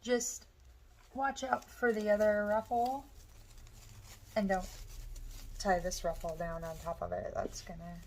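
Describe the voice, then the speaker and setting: Hoarse woman slowly talking through a craft. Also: medium pitch, lively intonation, a little mellow, a little hiss or hum, low-quality recording. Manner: chatty, talks while working with her hands. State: hoarse, losing her voice. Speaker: craft tutorial host. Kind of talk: step-by-step crafting instruction.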